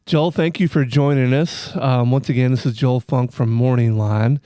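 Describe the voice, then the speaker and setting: Male host, mid pitch, easygoing interviewer, dry booth sound. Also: moderate pace, clean tone, dry recording. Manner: relaxed, casual questions with fillers. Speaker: podcast host. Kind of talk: podcast interview.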